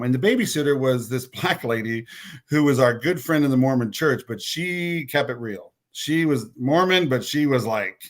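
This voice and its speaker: Guy on a podcast telling his story, blunt and sweary, stumbles over words, quotes what everyone said. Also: medium pitch. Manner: acts out other people's lines as quoted dialogue. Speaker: podcast guest, author. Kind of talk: candid personal storytelling.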